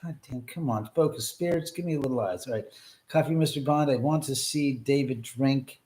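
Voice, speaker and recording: Speaking briskly at medium pitch with a little mellowness, a man livestreams from his home in an echoey room. He's buzzing on caffeine, giddy and profane, rambling through casual chat with viewers.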